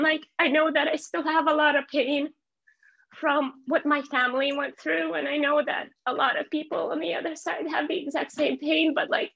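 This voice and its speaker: Over a lo-fi video call, a woman in her thirties from Azerbaijan talks earnestly and openly as a meeting participant, often groping for words. Her voice sits high and is creaky and a bit bright.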